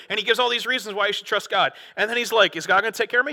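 A man preaching a sermon in a casual, conversational way, acting out quoted prayers with a rising, excited voice. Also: high-pitched, rapid-fire, hardly any pauses, big-room sound. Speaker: pastor.

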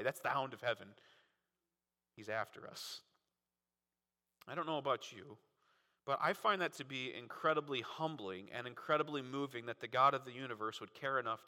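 Man, pastor preaching, animated, keeps asking "right?", very bright tense tone, long hall reverb. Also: a little high. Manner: animated, frequent rhetorical "right?" asides. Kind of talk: sermon.

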